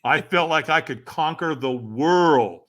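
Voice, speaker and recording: A man who is a guest on a podcast, telling a story dramatically and acting out the voices and shouts of the people in it. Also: fairly high pitch, unhurried. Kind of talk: animated storytelling.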